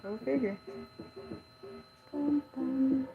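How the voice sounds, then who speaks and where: A woman's voice: high-pitched, very slow, phone-quality sound, background noise. A woman vlogging in a casual, chatty and playful way, rambling and laughing often. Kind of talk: casual chat.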